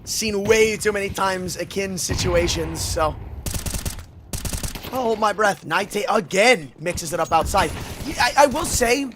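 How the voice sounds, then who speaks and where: A man calling play-by-play as an esports caster, excitable and full of jokey banter. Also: high-pitched, measured pace. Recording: audible background noise.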